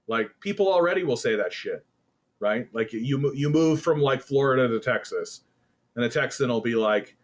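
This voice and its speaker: A man's voice: mid-range voice, brisk. A man from Canada hosting casual political commentary, rambling with lots of fillers and breaking into sarcastic jeers.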